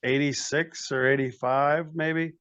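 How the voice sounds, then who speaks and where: A man's voice: medium pitch, fairly even intonation, a little slow, a bit bright, smooth, no room sound, highs cut off. An older man, a metal band frontman and podcast guest, telling long rambling stories in casual chat, often acting out what others said. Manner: rambling anecdotes with acted quotes and restarts.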